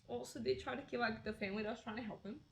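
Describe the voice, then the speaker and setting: A woman's voice: on the high side, fairly even intonation, rapid-fire, creaky, fairly bright tone. A woman, a tattoo client, chatting casually and swearing freely. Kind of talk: casual chat. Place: tattoo studio.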